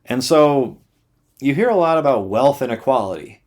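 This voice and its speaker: A young man delivers a blunt, sarcastic rant to camera, swearing freely. His voice sits in an ordinary middle pitch. He speaks loosely, with fillers and restarts. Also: lively intonation, moderate pace, a little mellow. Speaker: YouTuber. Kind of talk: sarcastic ranting monologue.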